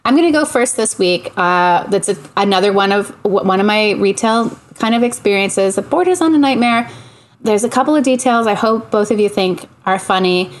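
A woman from Canada tells a story in relaxed chat with her co-hosts. She is animated and lively, drops into quick little voices for the people she quotes, and laughs often along the way. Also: medium pitch. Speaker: podcast co-host.

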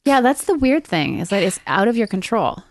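A woman co-hosting a podcast in casual chat, making wry, crude deadpan jokes. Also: mid-range voice, fairly quick, no echo, studio quality. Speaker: podcast co-host.

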